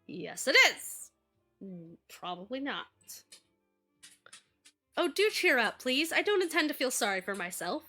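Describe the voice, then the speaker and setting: Woman voicing a bubbly young game heroine, high lively voice, bright tone, faint music behind. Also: unhurried, long pauses, full character voice. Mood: wistful, eager. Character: cheerful young woman baking cookies.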